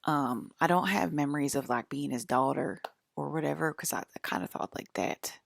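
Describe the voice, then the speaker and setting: A woman's voice: low voice, moderate pace, gravelly, dry recording, clean studio sound. A woman in her forties talking casually to camera in a loose, rambling monologue, full of fillers and repeated "okay?" checks. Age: 40s. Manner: rambling, filler-heavy, keeps asking "okay?". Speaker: channel host.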